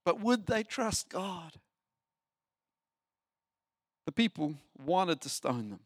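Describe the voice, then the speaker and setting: A man preaching a sermon as pastor, animated, asking the listeners rhetorical questions. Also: fairly high pitch, normal speed, creaky, long pauses, no echo, studio quality. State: short on sleep.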